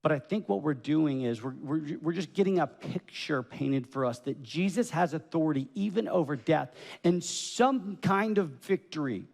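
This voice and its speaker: Lively preacher in an echoey church. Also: male voice, a little high, normal speed, vocal fry. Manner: lively storytelling with acted voices. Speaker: pastor. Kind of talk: sermon. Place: church sanctuary.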